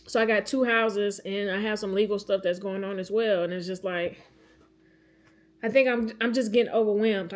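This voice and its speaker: A woman in her thirties talking candidly to camera in a casual vlog, venting about her week and swearing freely. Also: mid-range voice. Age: 30s. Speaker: vlogger.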